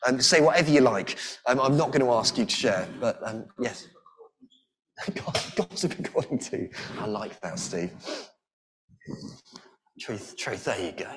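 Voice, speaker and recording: A man's voice: mid-range voice, animated, measured pace, pauses often, a little hiss or hum. A man preaching a sermon in an earnest way, often restarting with repeated words.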